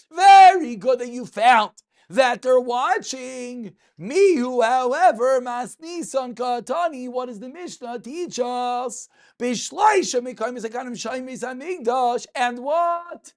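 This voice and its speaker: A man, a rabbi teaching a daily Talmud class, who asks questions and answers them himself and repeats the key points in a sing-song study-hall cadence. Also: very high voice. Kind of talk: animated Talmud lesson.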